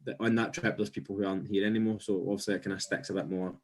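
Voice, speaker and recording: A man on a casual podcast, reminiscing in a steady, reflective way with frequent restarts. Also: lowish voice, very fast. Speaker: podcast co-host.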